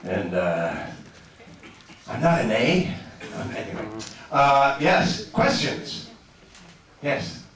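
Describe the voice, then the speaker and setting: A man's voice: mid-range voice, sing-song, slow pace, long pauses, a bit bright. A man answering fan questions as a guest actor at a convention, chatty, stammering through restarts and laughing easily. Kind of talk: casual convention Q&A. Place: large convention hall stage. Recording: echoey hall, far from the mic, noisy.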